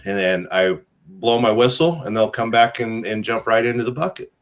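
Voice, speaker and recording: A man's voice: medium pitch, moderate pace, lightly acted. A sly old fisherman, as a man voices him, answers in an offhand drawl. He sounds unbothered and pleased with himself.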